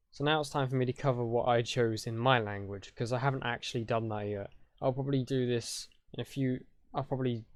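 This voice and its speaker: A man walks through a language-building tutorial in a relaxed, chatty manner, often stopping to rephrase. His voice sits mid-range, and the recording is close and dry, with no room sound. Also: medium pitch, dry recording. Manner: chatty, loose, with fillers and self-corrections. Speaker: conlang tutorial host. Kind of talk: casual explanatory tutorial.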